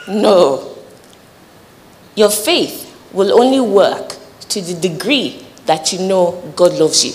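Woman preacher, earnest conversational sermon, mid-pitched voice, long echoing reverb. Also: slow pace. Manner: earnest, conversational teaching with lively acted asides.

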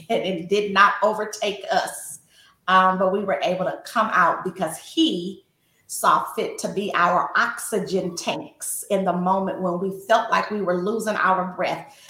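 Slow, bright-voiced woman coach, echoey room. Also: mid-range voice, steady tone. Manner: earnest and encouraging, many "um" pauses. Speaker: wife coach and show co-host. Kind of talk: faith-based coaching talk, preacherly.

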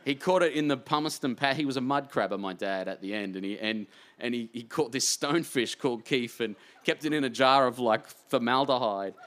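A man with an Australian accent, an author telling heartfelt stories in an earnest, rambling way that swings between hushed and animated. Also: medium pitch, brisk. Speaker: author guest. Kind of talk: emotional anecdotal storytelling.

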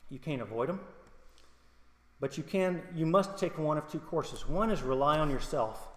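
A middle-aged male pastor delivers a conversational sermon full of humor, personal stories and questions for the congregation. His voice is a little high, with lively intonation and a moderate pace, and the hall echoes.

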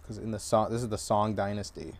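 A man's voice: lowish voice, little pitch movement, fast talker. A man co-hosting a casual podcast chat, laid-back and filling his talk with "like" and "um". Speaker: podcast co-host.

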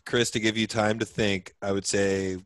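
Male podcast co-host, lowish voice, hesitant and rambling, dry close sound. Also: level tone, moderate pace, clean tone, no echo. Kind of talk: casual chat.

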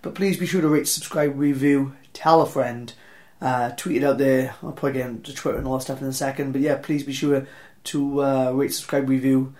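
A man's voice: medium pitch, steady tone, brisk, a little mellow. A young man with a Welsh accent hosting a wrestling podcast, chatty and self-deprecating, rambling through sponsor reads. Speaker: podcast host. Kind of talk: casual podcast intro and ad reads.

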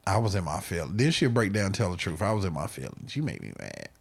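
A man's voice: low voice, fast talker, vocal fry. A man hosting a podcast, telling stories in casual, profane banter and laughing often. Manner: animated, laughing, profane storytelling. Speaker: podcast host.

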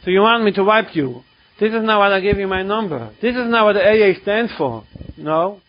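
A man voicing his blunt, strict male sponsor, scolding slowly and emphatically in a dull lo-fi recording. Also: high voice, animated. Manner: stern, scolding, slow and emphatic.

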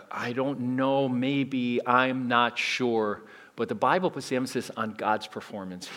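Conversational man preaching a sermon. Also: on the low side. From United States. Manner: conversational preaching, restarts and swings in volume. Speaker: pastor.

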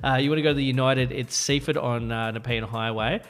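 A man's voice: mid-range voice, steady tone, brisk. A man co-hosting a radio show, chatty, laughing often and stumbling over words. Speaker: radio co-host. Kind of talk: casual radio banter.

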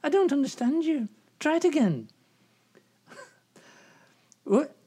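A woman's voice: high-pitched, very animated, takes it slowly, dark tone, heavily acted. A woman playing a gossipy older woman agony aunt in a comedy sketch, rambling with lots of asides. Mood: chatty. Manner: rambling, full of "you know" and asides.

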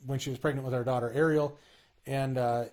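Earnest man talking in halting restarts. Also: medium pitch, steady tone, darkish tone. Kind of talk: casual faith conversation.

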